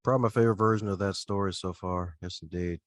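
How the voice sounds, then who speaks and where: A man hosting a podcast interview, chatty and quick to laugh. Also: deep voice, fairly even intonation, no echo. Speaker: podcast host. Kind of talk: casual interview chat.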